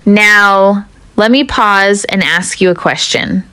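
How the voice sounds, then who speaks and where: Smooth, dry-voiced woman teaching English. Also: mid-range voice, pushed and bright, dry recording, soft background music. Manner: measured, deliberate, addresses the viewer directly. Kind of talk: scripted teaching narration.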